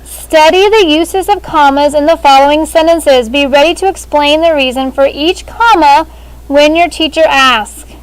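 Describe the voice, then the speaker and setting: A woman teaching sixth grade language in a classroom, speaking through a face shield and calling on students by name in a brisk manner. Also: sits high, low-quality recording.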